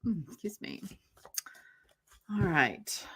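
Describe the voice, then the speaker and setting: A woman with a lower-pitched but bright voice chats on a live tarot stream from her home office. She talks freely and meanders, calling viewers by name and yawning from time to time. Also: sing-song, slow pace, slightly rough. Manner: chatty, rambling, talks to viewers by name, yawns often. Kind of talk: casual chat on a live stream.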